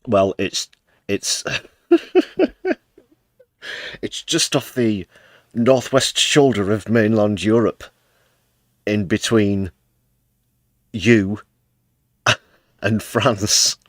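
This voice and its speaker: A man's voice: lowish voice, fairly even intonation, drawn-out words, long pauses, dry recording, studio quality. A British man hosting a livestream, giving sarcastic, sweary commentary on the news and laughing at clips. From United Kingdom. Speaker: livestream host.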